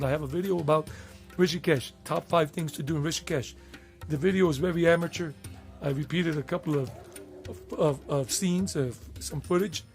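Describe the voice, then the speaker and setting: A man's voice: a little high, creaky. Rambling Southern American man vlogging. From United States. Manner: rambling and digressive, with self-corrections. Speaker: travel vlogger. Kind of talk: casual travel chat.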